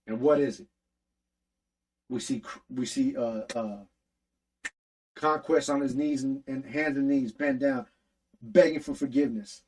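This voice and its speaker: A man's voice: mid-range voice, a little slow, long pauses, husky, rough recording. A man hosting a casual podcast, recapping an episode in a slangy, profane storytelling way and acting out the characters' lines. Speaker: podcast host recapping an animated series.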